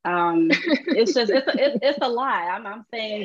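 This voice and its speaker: A woman from Michigan with a Michigan accent, hosting a podcast and telling stories in an animated, laughing way. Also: a little high, breathy edge, no room sound, muffled recording. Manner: animated, quick storytelling with laughs. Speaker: podcast host. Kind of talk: casual interview chat.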